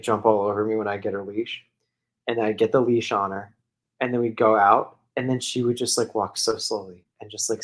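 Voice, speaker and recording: This man's voice sits mid-range with a fairly bright tone. Co-hosting a podcast, he meanders through a lengthy, laid-back story, laughing while he talks and leaning heavily on "like."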